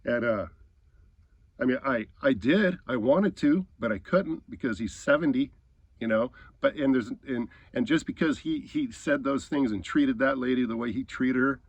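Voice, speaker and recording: A man in the middle of a furious, profane story, his sentences breaking off and starting over as he rushes ahead. His voice sits at an ordinary middle pitch, recorded close and dry with no room sound. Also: creaky, no room sound. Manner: profane, heated, stumbling restarts. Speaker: host. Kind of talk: angry storytelling rant.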